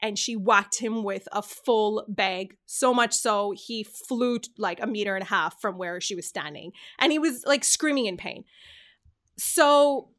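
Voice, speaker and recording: A woman's voice: medium pitch, unhurried. A woman from Canada hosting a podcast, telling a story in casual chat and acting out what people said. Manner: animated storyteller, acts out quoted lines. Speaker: podcast host.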